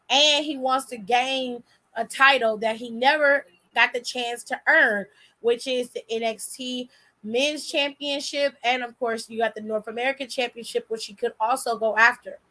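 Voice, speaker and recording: Brief: high-pitched woman, sassy and blunt vlog commentator, laughs a lot. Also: sharp tone. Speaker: wrestling commentary vlogger. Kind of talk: casual reaction commentary.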